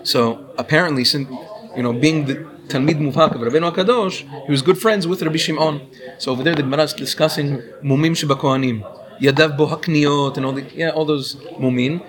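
A man teaching a class, explaining and asking his students questions as he goes. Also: a little high. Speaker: Torah teacher. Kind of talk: classroom lecture on Hebrew pronunciation.

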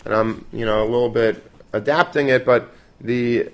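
A man's voice: mid-range voice, fairly even intonation, moderate pace. A man teaching a Torah class in a conversational way, dropping Yiddish and Hebrew terms and restarting often.

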